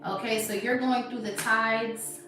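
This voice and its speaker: A woman doing a live tarot reading in casual, slangy chat, talking emphatically and sometimes dropping to a soft hush. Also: on the high side, unhurried. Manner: animated, emphatic, swings to soft hushed stretches. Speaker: tarot reader. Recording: echoey room, voice distant from mic, music behind. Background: background music.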